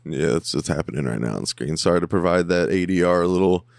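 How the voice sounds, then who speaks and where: A man's voice: low-pitched, a little fast, gravelly. A man hosting a podcast, reacting casually to a TV episode, rambling and jokey, often mimicking the characters. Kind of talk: casual watch-along commentary. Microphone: headphones on, close mic.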